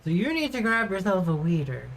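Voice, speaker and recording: A woman's voice: mid-range voice, big pitch swings, a little fast. Woman streamer, casual gameplay chatter, talks straight to chat, mid-range voice.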